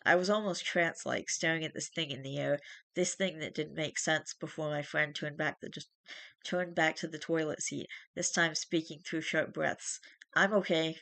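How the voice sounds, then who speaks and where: A streamer reading a first-person horror story aloud in steady narration, with small restarts. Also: mid-range voice, moderate pace, vocal fry, dry recording.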